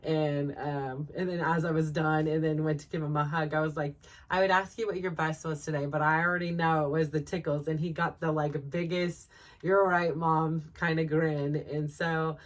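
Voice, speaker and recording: A woman's voice: sits low, fairly even intonation, moderate pace. A woman in her forties, a podcast host telling a personal story in a rambling way, full of fillers and laughing through tears at times. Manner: rambling, full of likes and you-knows.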